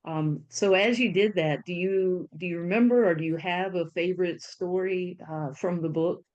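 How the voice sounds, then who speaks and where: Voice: mid-range voice, moderate pace, darkish tone. A podcast co-host asking friendly, slightly hesitant interview questions. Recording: dull lo-fi mic.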